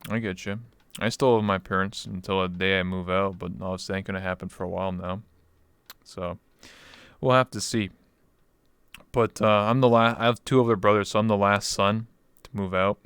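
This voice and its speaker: A man in his twenties hosting a casual interview, telling stories in an animated way and laughing often. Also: on the low side, a little fast, pauses often, smooth, dry recording. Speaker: podcast host. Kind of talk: casual chat.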